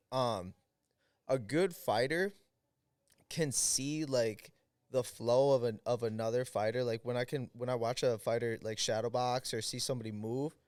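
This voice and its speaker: An American man, a podcast guest, telling a story in casual chat, animated, acting out the people he quotes. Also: medium pitch, moderate pace, no room sound. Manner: animated, quotes people in lively voices, many fillers.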